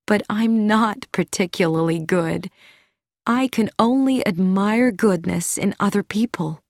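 A woman reading an audiobook, voicing a gentle, humble elderly woman who speaks softly and earnestly. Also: medium pitch, unhurried, dry recording, studio quality, lightly acted. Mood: earnest wistful.

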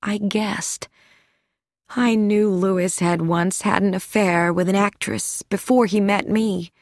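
A woman reading an audiobook, voicing a gentle, humble elderly woman who speaks softly and earnestly. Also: medium pitch, steady tone, slow, dry recording, studio quality. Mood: earnest wistful.

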